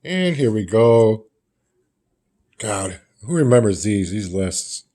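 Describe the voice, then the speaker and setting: A man's voice: lowish voice, big pitch swings, slow, mellow. A man casually retelling the panels of a comic book in a loose, rambling way, as a reviewer.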